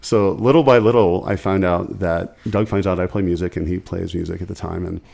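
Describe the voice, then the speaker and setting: A man's voice: low voice, creaky. A man and musician, a podcast guest telling stories in a casual chat, acting out the people he quotes. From Ohio, USA. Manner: animated storyteller, quick and chatty, acts out quotes.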